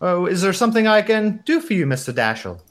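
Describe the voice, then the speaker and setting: A man's voice: high-pitched, sing-song, quick pace, pitched above the performer's own voice. A man putting on a prim receptionist woman with a mock German accent. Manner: prim, apologetic, formal. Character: polite young woman hotel receptionist.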